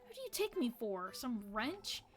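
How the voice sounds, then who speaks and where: A woman voices a curt, grumbling young village woman, lower and drier than her own voice. She speaks bluntly and sardonically, with faint game music beneath. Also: sing-song, moderate pace. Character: gruff, sharp-tongued young village woman.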